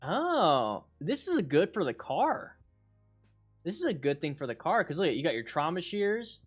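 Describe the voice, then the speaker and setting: Casting: hyped-up male instructor-host, chatty, repeats lines, a bit high-pitched, faint music behind. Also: a little slow, husky. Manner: excitable, rambling, repeats himself, bursts of hype. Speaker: motorcycle riding instructor and channel host. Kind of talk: excited livestream chat with viewers.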